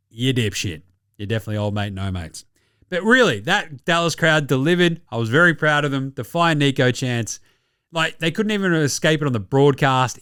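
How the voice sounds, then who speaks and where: An Australian man hosting a basketball show, ranting in a sweary, excitable and sarcastic way. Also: fairly high pitch, smooth, dry recording, studio quality. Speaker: basketball podcast host. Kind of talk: casual sports commentary rant.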